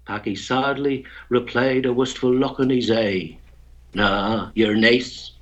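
A man's voice: mid-range voice, fairly even intonation, slow pace, muffled recording. A man from Tyrone with a Northern Irish accent, a guest poet who tells stories and recites a rhymed poem, chuckling between lines. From Tyrone, Northern Ireland.

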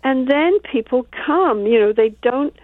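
A woman, a couples therapist, calmly explaining her work in an interview and acting out examples from her sessions. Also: high voice, a little slow, dry recording. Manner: calm, explains with acted-out examples. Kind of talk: interview conversation. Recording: tinny phone-like dry sound.

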